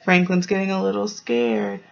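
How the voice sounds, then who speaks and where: A woman teacher reading a storybook aloud to young children, gently explaining and asking them questions, in a dull lo-fi recording. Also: mid-range voice, steady tone, normal speed, creaky.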